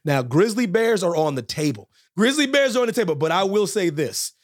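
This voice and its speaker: A man co-hosting a wrestling podcast, ranting with animated energy and frequent repetition. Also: high-pitched, a little fast, no room sound, studio quality. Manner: animated, repeats himself, loud rants. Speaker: podcast co-host.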